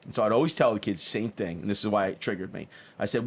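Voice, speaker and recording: A man's voice: on the low side, racing, slightly rough. A middle-aged man hosting a podcast, asking long, chatty questions with enthusiasm. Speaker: podcast host. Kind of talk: casual interview chat.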